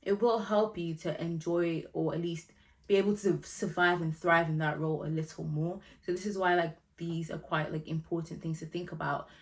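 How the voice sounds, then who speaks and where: A young woman from Nigeria talks straight to her viewers in a relaxed vlog, her voice sitting a little low. She is chatty and direct, full of friendly asides and fillers as she hands out practical advice. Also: normal speed. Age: 20s. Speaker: vlogger giving job-search advice.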